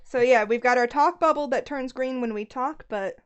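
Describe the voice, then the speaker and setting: A woman's voice: high-pitched, moderate pace, clear, resonant tone, lo-fi sound. A woman running a tabletop game on stream, chatting in a giggly, easygoing way. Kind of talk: casual chat setting up a tabletop game.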